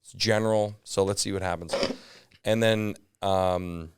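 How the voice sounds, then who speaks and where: A man's voice: deep voice, unhurried, noisy background. A Canadian man, a comedian and podcast guest, telling stories in a casual chat full of asides and fillers. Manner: animated storyteller, lots of fillers and asides.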